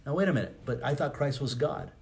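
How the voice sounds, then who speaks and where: A man's voice: mid-range voice, big pitch swings, fast talker, vocal fry, a little mellow. Male pastor, easygoing sermon delivery, chatty asides, mid-range voice. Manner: conversational teaching with rhetorical questions and asides.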